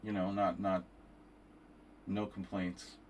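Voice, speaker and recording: A man's voice: low voice, flat delivery, takes it slowly, a little mellow, slight background noise. A tired man chatting casually on a chess stream, rambling and cursing, with many restarts.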